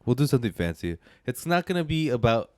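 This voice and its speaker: Smooth-voiced podcast co-host. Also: male voice, mid-range voice, quick pace, no echo, studio quality. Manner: joking, rambling, animated swings in energy. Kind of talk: casual chat.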